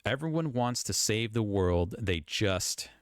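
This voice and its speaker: Animated low-voiced man reacting. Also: a little slow, clear, resonant tone, no room sound, studio quality. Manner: animated, chatty, breaking into laughs and voices. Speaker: YouTube commentator. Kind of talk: casual reaction commentary.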